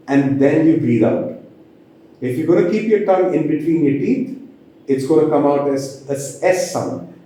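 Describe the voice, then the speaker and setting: A man working as a communication trainer gives a pronunciation lesson, slowing down to demonstrate sounds with care. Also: mid-range voice, warm tone. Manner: slow, deliberate demonstrations of sounds. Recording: very echoey room.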